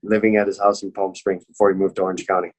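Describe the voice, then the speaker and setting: A young man with a fairly low voice tells a story in loose, casual chat. He swears constantly and acts out the people he quotes. He is an MMA fighter talking as a guest. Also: level tone, fast talker, darkish tone.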